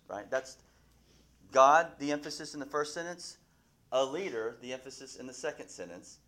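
A man's voice: medium pitch, a bit bright. A man teaching a Bible class, asking his listeners questions and often restarting his sentences.

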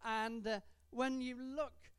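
A woman preaching a sermon in a church, stretching out key words for emphasis and adding gentle humour. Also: fairly high pitch, flat delivery, takes it slowly, clear, resonant tone, no echo.

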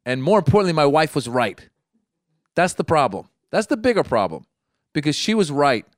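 A rambling, animated man from Iran, a doctor, sits close to the mic in a dry, dead room. His voice is a touch high for a man but smooth and resonant, and he keeps restarting lines and leaping up in pitch to act out his thoughts. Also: moderate pace, no echo. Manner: animated, rambling, repeats himself, jumps high when acting out his inner voice. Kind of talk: casual storytelling chat.

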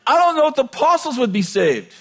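High-voiced joking preacher man. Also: fast talker. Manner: chuckles often, joking and conversational; animated, shifts between loud bursts and low asides. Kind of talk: informal sermon.

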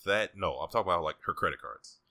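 A man's voice: low voice, expressive, fast talker, creaky, sharp tone, no echo, studio quality. A man co-hosting a podcast, chatting casually with teasing wisecracks. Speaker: podcast co-host. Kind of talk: casual chat.

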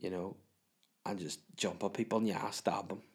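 A man's voice: low-pitched, steady tone, moderate pace, husky. A man with a Northern Irish accent hosting a casual solo podcast from a room at home. He answers listener questions in a sweary, self-mocking, rambling way. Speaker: podcast host.

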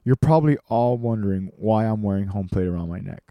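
A man's voice: fairly low pitch, animated, a little fast, dry recording, highs cut off. A man voicing an irascible 78-year-old baseball coach who barks questions at a crowd of coaches. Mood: gruff lecturing. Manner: barking, bellowing questions at a crowd.

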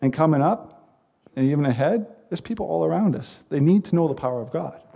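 Man, pastor, sermon, mellow gravelly voice, emphatic. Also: fairly high pitch, lively intonation, a little fast, dull audio. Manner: earnest, emphatic preaching with repeated phrases.

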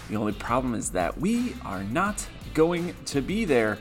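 A male podcast host introducing a golf betting show in an energetic, joking way. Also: medium pitch, a little slow, hardly any pauses, faint music behind. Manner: energetic, playful hype.

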